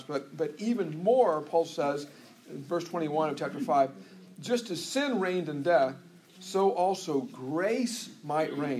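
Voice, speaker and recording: A man preaching a sermon in a relaxed, conversational way, often restarting a phrase or stepping aside to joke. His voice sits a little high for a man. A faint hum of room ambience lies under it. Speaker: pastor.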